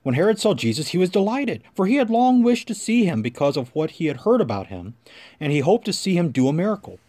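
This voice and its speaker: A man giving a clear, expressive liturgical scripture reading. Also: high-pitched, fast. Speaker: scripture reader.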